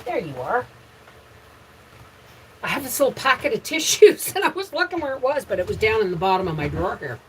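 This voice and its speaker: In a fairly high, very animated voice, a middle-aged woman with a Canadian accent speaks fairly quickly and pauses often; the audio is poor, with slight background noise. She hosts a homesteading livestream from home, casually chatting about her day and greeting viewers by name.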